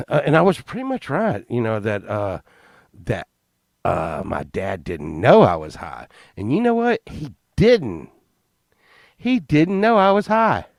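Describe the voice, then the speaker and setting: Slow-talking man telling a rambling story. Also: medium pitch, creaky, dry recording, clean studio sound. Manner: rambling, profane, laughing at his own story. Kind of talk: casual storytelling. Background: plucked guitar music.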